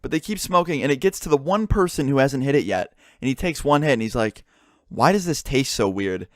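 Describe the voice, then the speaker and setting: Fast-talking young man telling a story. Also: mid-range voice, no echo, clean studio sound. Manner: swearing, animated retelling with quoted dialogue. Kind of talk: casual storytelling.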